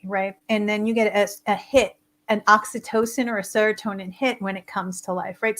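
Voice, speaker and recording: A woman hosting a live-streamed wellness talk show, her voice hoarse and scratchy, talking with enthusiastic, emphatic repetition. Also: medium pitch, fairly bright tone. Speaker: host.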